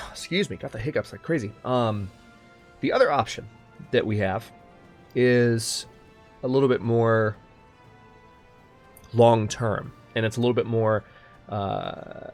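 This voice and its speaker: A man with a fairly low voice talks through a strategy game in an easygoing, rambling way, thinking aloud as he plays. Soft music runs quietly beneath his talk. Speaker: let's play host. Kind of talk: casual gaming commentary.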